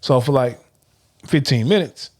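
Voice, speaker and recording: A man's voice: mid-range voice, measured pace. Argumentative man in casual podcast chat. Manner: animated, argumentative, says "bro". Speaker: podcast co-host.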